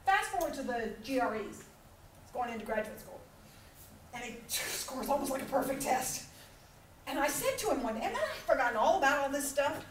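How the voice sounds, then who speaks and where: High-voiced woman telling lively stories. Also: a little fast, slight background noise. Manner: animated storytelling, acting out voices and laughing often. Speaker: conference speaker. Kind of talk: motivational keynote talk. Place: large conference hall. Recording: echoey hall recorded from far off.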